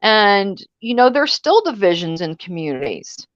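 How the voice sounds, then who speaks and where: A bossy, blunt woman chatting on a livestream panel and name-calling freely. Her voice sits at a middle pitch and comes through dull and lo-fi. The sound is dry, with no room around it. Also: big pitch swings, a little slow, no room sound. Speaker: panel co-host. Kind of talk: casual livestream chat.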